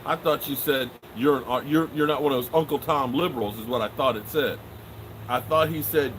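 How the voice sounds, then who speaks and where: Joking sports host, noisy background. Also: male voice, medium pitch, brisk. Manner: joking, animated, swears and trails off often. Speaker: sports show host answering live chat. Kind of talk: casual live-stream chat.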